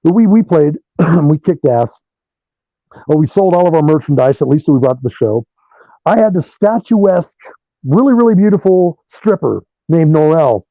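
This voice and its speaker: High-voiced swearing rock guitarist. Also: male voice, moderate pace, dry recording. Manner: animated, swears freely. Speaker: guitarist guest. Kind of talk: profane storytelling interview. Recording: dull lo-fi dry sound.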